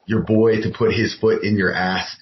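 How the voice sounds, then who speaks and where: A man's voice: fairly low pitch, little pitch movement, normal speed. A man talking as a podcast guest, earnest and rambling, with restarts. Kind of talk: casual chat. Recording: roomy muffled call with faint noise.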